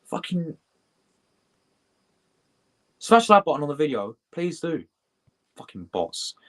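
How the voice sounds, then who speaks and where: A young British man hosting a live football reaction stream, chatty and excitable, swearing and shouting out viewers in his chat. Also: a little high, slow pace. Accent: British English. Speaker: football livestream host.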